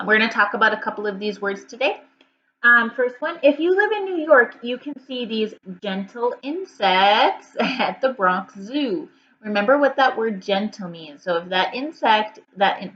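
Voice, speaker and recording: A woman with a clear, bright voice leads a reading lesson for small children at home. She speaks slowly and encouragingly, repeating each prompt. The recording sounds a little muffled, with a faint hiss behind her. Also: medium pitch. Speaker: teacher.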